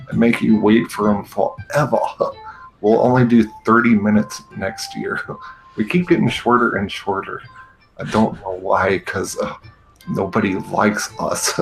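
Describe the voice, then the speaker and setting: A man with a low, gravelly voice rants slowly and sarcastically as a comedy host. He sounds exasperated and profane, with faint music behind. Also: rough recording. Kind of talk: comedic rant over a game show stream.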